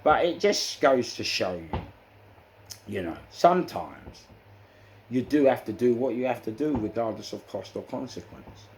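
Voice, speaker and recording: A man with a London accent recounting prison episodes in animated storytelling, acting out the exchanges and often saying "you know". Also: mid-range voice, a little slow, a little hiss or hum. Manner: acts out quoted exchanges, frequent "you know" fillers. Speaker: interviewee recounting prison life.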